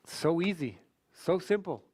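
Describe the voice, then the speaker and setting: Brief: male sales trainer with a fairly high voice. He quizzes the crowd and demonstrates voices in an animated way. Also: a little slow, slightly rough. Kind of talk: training seminar talk.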